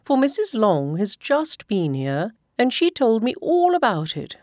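Woman reading a high excitable chattering mother, insistent, fussing, dry close sound. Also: measured pace, no room sound. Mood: eager. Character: excitable chattering middle-aged mother, eager matchmaker. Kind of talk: audiobook character voice.

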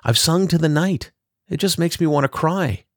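A man's voice: a little high, expressive, normal speed, no room sound, studio quality, voice pushed up. A man reading a storybook, playing a wistful young sister in a plaintive way with his voice lifted. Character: sad dreamy young sister who sings.

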